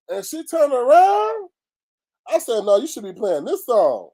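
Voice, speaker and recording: A man hosting a casual commentary show, talking in a loose, animated, slangy way. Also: very high-pitched, a little slow.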